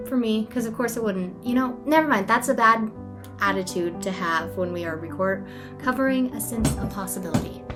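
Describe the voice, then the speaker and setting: A young woman in a rambling, self-deprecating casual vlog, filling her talk with "like". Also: a little high. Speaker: vlogger. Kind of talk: casual talking-head vlog.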